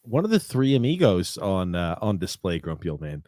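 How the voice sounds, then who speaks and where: A low-pitched man talks through a hockey game with his co-host in a chatty, teasing way. The sound is dry and close, with no room echo. He speeds up at times as he gets going. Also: sing-song, normal speed, darkish tone. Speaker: podcast co-host. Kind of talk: casual sports watch-along chat.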